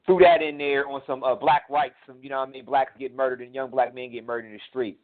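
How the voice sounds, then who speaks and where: A man's voice: medium pitch, little pitch movement, fast talker. A man co-hosting a casual podcast, talking in a blunt, profane, rambling way. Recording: tinny phone line.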